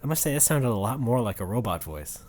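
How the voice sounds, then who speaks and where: A man's voice: mid-range voice, sing-song, fast, darkish tone. A man co-hosting a podcast in casual, wry, understated chat. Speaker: podcast co-host.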